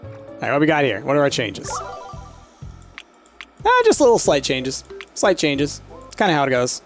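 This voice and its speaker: A man's voice: a little high, wildly swooping pitch, moderate pace, long pauses, faint music behind. A man casually commenting on a game while streaming, chatty, laughing often and talking to the pets on screen.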